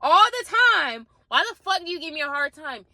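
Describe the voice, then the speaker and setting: A young woman in her twenties chatting casually at the gym, animated and full of "like", acting out the people in her story. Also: high-pitched, normal speed, dry recording. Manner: animated, acts out voices in quotes, frequent "like" and swearing. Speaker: vlogger.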